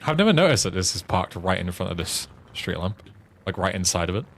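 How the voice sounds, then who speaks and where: A man with a Yorkshire accent streams a game, tossing off dry, half-mumbled asides. His voice sits fairly low. Faint game sounds run underneath. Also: big pitch swings, brisk, vocal fry, a little hiss or hum. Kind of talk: casual gameplay commentary.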